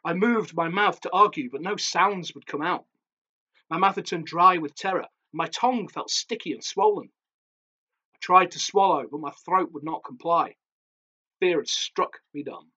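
A man, an author, reading his own horror story aloud in a measured, darkly theatrical way. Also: a little high, sharp tone, dull audio.

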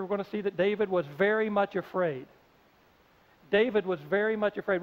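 High-voiced preacher in a long hall. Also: male voice, creaky. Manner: storytelling, acts out characters, conversational. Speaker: pastor. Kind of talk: sermon. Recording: dull audio with long hall reverb.

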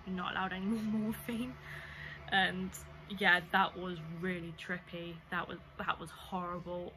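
A woman's voice: on the low side, sharp tone. A young woman, casually telling a story-time vlog, chatty and rambling with lots of fillers. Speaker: vlogger.

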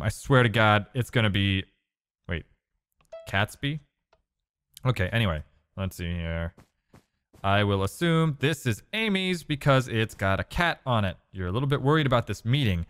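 A man's voice: fairly low pitch, moderate pace, smooth. A man giving casual gameplay commentary, talking to himself and exclaiming as he plays. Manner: animated, exclaiming, talks to himself. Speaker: let's play gamer.

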